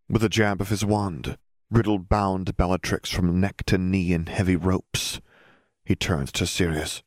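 A man reading a fantasy story aloud in a steady, measured narration. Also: sits low, dry recording, studio quality. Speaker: audiobook reader. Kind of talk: narrated fan fiction reading.

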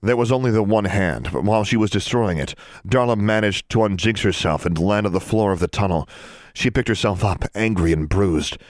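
A man narrating a fantasy story as an audiobook, in a steady, measured reading. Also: fairly low pitch, dry recording, studio quality.

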